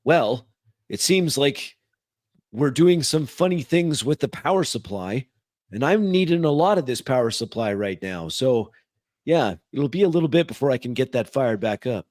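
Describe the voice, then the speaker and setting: A man's voice: mid-range voice, lively intonation, normal speed, darkish tone, no echo, clean studio sound, voice pushed up, natural voice. A man voicing a chatty, evasive station computer AI in a tabletop game, speaking in a casual, rambling way.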